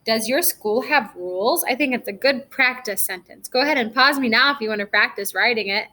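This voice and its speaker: A young woman teacher giving a recorded reading lesson to first graders, slow and encouraging, stretching words out for small children. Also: fairly high pitch, pushed and bright, low-quality recording.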